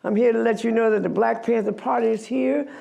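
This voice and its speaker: A woman's voice: on the high side, fairly even intonation, brisk, gravelly, mellow, lo-fi sound, pitched above the performer's own voice. An older woman briefly voicing a tough young man who leads a gang, declaring his group's arrival. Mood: defiant. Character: tough young male gang leader, defiant.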